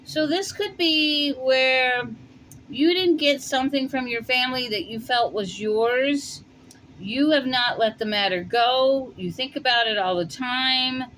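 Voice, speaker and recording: A woman with a New York accent reads tarot cards in a loose, chatty way, her voice sitting a little high. She thinks out loud and pauses with fillers. A faint hum of noise runs underneath. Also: rough recording. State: warm and winded after shoveling. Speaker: tarot reader. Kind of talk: casual tarot reading. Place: home in Colorado.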